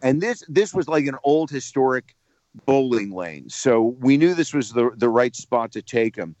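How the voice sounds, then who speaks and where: A man from New Jersey, a radio personality calling in to tell a lively anecdote, repeating words as he builds up the story. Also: medium pitch, moderate pace, dry recording, muffled recording.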